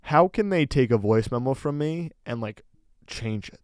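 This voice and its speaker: A man co-hosting a podcast, telling a story in a casual, animated way with lots of filler words. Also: medium pitch, normal speed, clear, resonant tone, dry recording, studio quality. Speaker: podcast co-host.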